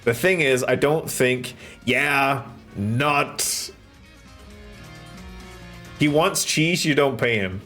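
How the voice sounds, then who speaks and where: A man's voice: medium pitch, extremely slow, long pauses, pushed and bright, soft background music. A man streaming live from a home setup, chatting casually and rambling with jokes and bursts of swearing while he codes. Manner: rambling and jokey, with sudden swearing outbursts. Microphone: desk microphone close in front.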